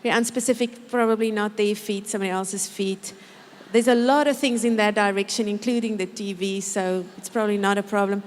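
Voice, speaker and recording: Lively woman speaker in a reverberant hall. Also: medium pitch, fairly quick, slight background noise. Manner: lively, humorous storytelling, mimics parents and kids. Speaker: parenting speaker. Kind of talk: conference talk with acted-out quotes. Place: large church auditorium.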